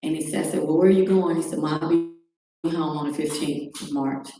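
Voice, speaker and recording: A middle-aged woman appears as a talk show guest, giving a personal account and acting out the phone calls she describes. Her low voice is fairly even in intonation and a little fast. The mic is distant in a very echoey room, with faint noise.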